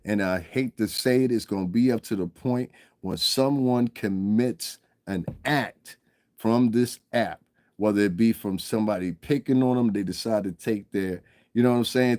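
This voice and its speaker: A man's voice: fairly low pitch, no room sound, studio quality. Profane rambling male livestream host. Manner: profane, rambling, keeps asking "you understand what I'm saying", laughs often. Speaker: livestream commentator. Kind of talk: rambling casual livestream commentary.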